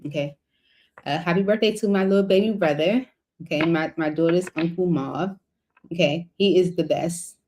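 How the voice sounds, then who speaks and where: Low-voiced woman doing a chill tarot reading, rambly, lots of "you know". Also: moderate pace, a little mellow, a little hiss or hum. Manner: chatty, rambling, filler-heavy. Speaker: tarot reader.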